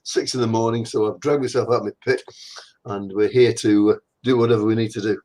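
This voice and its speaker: A man's voice: lowish voice, fairly even intonation, brisk, a little mellow, poor audio. A man in his sixties, an anatomist, chatting bluntly and with self-mocking humour in a video-call interview. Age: 60s. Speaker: anatomist guest. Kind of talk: casual interview chat.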